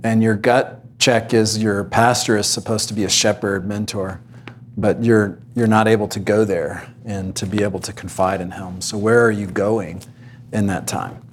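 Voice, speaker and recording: A pastor candidly telling a personal story of hardship on a panel. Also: male voice, fairly low pitch, steady tone, normal speed, slight background noise.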